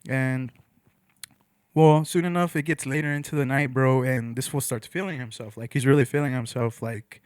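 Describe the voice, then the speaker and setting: A man's voice: mid-range voice, steady tone, moderate pace, darkish tone, smooth, no echo. A young man, a podcast guest, telling a rambling story in casual slang, with "bro" and "you know" in nearly every line.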